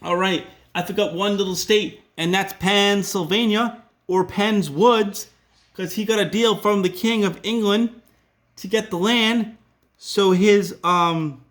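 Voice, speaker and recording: A man's voice: high-pitched, steady tone, a little slow, fairly bright tone. A man with a Rhode Island accent teaching a casual classroom lesson, chatty and full of joking asides.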